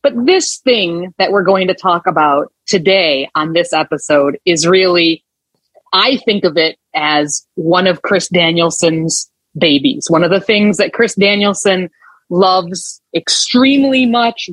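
A woman's voice: on the low side, measured pace, dry recording, low-quality recording. A woman hosting a podcast, chatting casually and rambling a little as she introduces her co-host.

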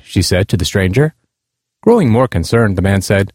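A man earnestly reading aloud a personal essay about his blind parents' experiences, in a measured tone. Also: fairly low pitch, animated, a little mellow, no room sound, studio quality. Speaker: speaker on disability awareness.

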